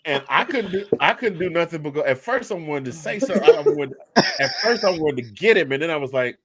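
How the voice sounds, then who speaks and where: A man's voice: fairly high pitch, lively intonation, brisk, crowd noise. A man in his fifties, a podcast co-host chatting casually and telling stories with frequent laughs. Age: 50s. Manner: storytelling, laughs often. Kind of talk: casual chat.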